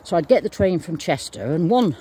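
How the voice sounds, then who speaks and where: A man's voice: high-pitched, animated, brisk, dark tone, husky. A man in his sixties rambling casually while walking his dog outdoors, drifting between topics and breaking off to talk to the dog. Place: outdoors in fields on a walk.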